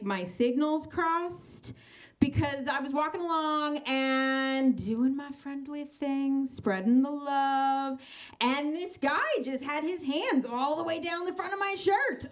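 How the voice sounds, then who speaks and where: Female stand-up comic, high voice, cheeky delivery. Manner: cheeky, self-aware, sudden high jumps in pitch. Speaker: stand-up comedian. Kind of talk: stand-up comedy. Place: comedy stage before a live audience.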